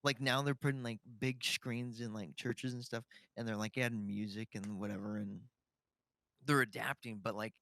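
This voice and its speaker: A young man co-hosting a podcast, talking in a halting, easygoing way full of "like". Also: mid-range voice, steady tone, fairly bright tone, dry recording. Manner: halting, filler-heavy, easygoing. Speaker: podcast co-host. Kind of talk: casual chat.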